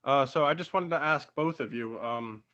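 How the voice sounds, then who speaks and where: Guy hosting an interview on a call, gushy and excited, lots of ums, muffled audio. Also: mid-range voice, moderate pace. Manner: enthusiastic and effusive, many fillers. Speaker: interview host. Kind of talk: casual interview talk. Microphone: video call. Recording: dull lo-fi video call audio.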